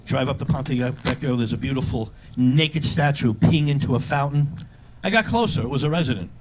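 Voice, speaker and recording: An older man performing a live stand-up comedy routine with a punchy delivery, often leaping into loud, high character voices. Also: animated, moderate pace, heavy background noise. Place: comedy stage before a live audience. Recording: live show with crowd laughter. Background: audience laughter.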